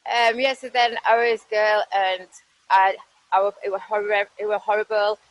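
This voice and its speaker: A woman with a Yorkshire accent from West Yorkshire, telling her own life story candidly, halting with fillers and restarts, and swearing bluntly. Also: medium pitch, little pitch movement, dull audio, a little hiss or hum. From West Yorkshire, England. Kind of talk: candid personal testimony.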